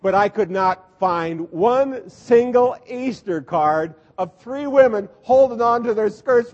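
Man, pastor, sermon, high voice, humorous storytelling, muffled lo-fi audio. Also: expressive, takes it slowly, hardly any pauses, darkish tone, big-room sound. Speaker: Lutheran pastor.

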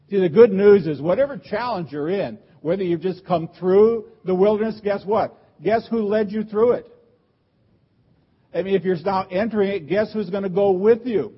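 Male pastor, husky, slightly high voice, emphatic sermon delivery, dull lo-fi recording. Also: normal speed. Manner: earnest, emphatic preaching with repeated rhetorical questions.

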